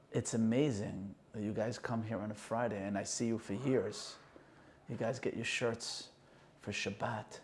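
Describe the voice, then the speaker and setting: A man's voice: on the low side, darkish tone, a little hiss or hum. A man hosting a conversation, telling a personal story with emotion and acting out the quoted dialogue. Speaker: host and singer.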